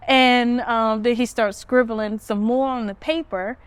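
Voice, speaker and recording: A woman hosting a podcast, casually recounting a story and jumping her pitch up high when she quotes herself. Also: a little slow, clear, resonant tone, no echo. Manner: animated retelling, pitch jumps up when quoting herself. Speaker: podcast host. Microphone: phone.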